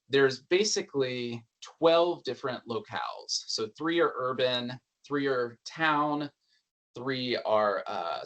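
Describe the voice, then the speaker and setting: A man presents findings from an education research report at an academic forum. His voice sits at an ordinary middle pitch, and his delivery is relaxed and conversational, with the odd dry aside.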